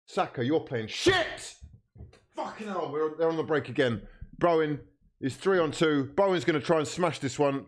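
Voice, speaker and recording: Man, fan streamer, animated and swinging in pitch, swearing through a match watchalong. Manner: frustrated, swearing, bursts of shouting at players. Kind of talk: live match watchalong reaction.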